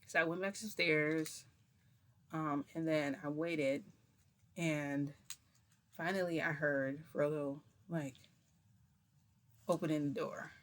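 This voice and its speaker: A woman's voice: low-pitched, fairly even intonation, slow, long pauses. A woman vlogger telling a long story in a casual, rambling way, full of fillers and restarts.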